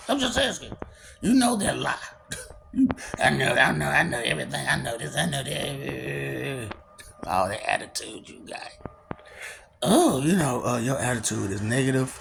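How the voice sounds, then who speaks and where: A young man with a soft voice, musing in a rambling casual monologue and laughing often as he talks to imagined listeners. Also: medium pitch, gravelly, slight background noise. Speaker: vlogger.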